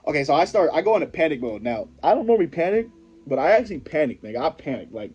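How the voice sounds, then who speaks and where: A man's voice: on the high side, sing-song, fast, darkish tone, slightly rough, dull audio, soft background music. A young man vlogger telling a personal story in a rambling, profane, slangy way, often stopping and restarting his sentences. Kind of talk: casual storytelling to camera.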